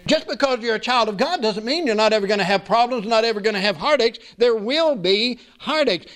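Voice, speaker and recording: Pastor, high voice, folksy sermon delivery with emphatic repetition. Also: male voice, a bit bright.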